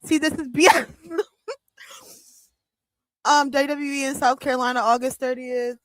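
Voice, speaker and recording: A young woman with a high voice reacting live as she hosts a watch-along stream. She talks excitably, squeals and breaks into laughter. The sound is dry and close, with no room around it. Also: normal speed, dry recording. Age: young adult. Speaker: livestream watch-along host.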